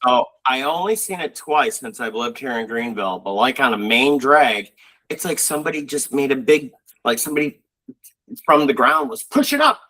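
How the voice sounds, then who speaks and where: A man's voice: medium pitch, normal speed, rough recording. A man co-hosting a casual chat, telling rambling stories with lots of fillers. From Buffalo, New York. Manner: rambling storyteller, animated, frequent fillers. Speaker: co-host.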